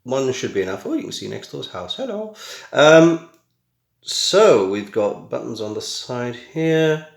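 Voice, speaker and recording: A man's voice: mid-range voice, very animated, a little slow, vocal fry, echoey room. A middle-aged British man chatting casually through a home unboxing, full of wry, self-mocking asides. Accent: British English. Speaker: tech vlogger. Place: small room at home. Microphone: camera mic.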